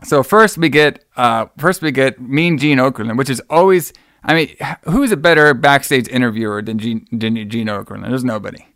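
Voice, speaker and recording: A man's voice: mid-range voice, moderate pace, a bit bright, no room sound, studio quality. A man hosting a casual podcast chat, enthusiastic, rambling and profane. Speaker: podcast host.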